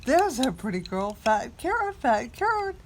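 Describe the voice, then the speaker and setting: A woman's voice: sits high, sing-song, unhurried, noisy background. A woman voicing an old male farmer who croons and coaxes his cow in a read-aloud picture book. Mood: crooning. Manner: crooning, coaxing.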